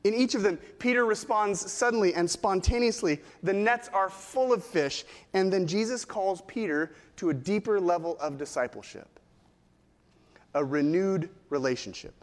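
Man, preacher, sermon, high voice, measured teaching, rhetorical questions, long reverb.

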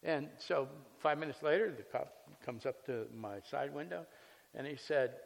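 A man preaching as a pastor, reading scripture and then telling a personal story in a relaxed, conversational way. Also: medium pitch, moderate pace, creaky. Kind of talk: sermon. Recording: long hall reverb.

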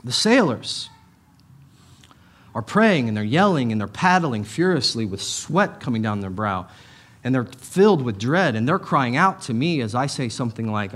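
A middle-aged pastor giving a conversational sermon, with emphatic repetitions and casual asides. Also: male voice, medium pitch, sing-song, normal speed, a bit bright.

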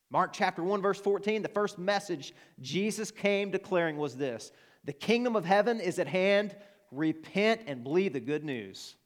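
Earnest Arkansas pastor preaching. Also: male voice, on the high side. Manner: earnest, emphatic, rising to passionate appeals. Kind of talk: sermon. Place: church.

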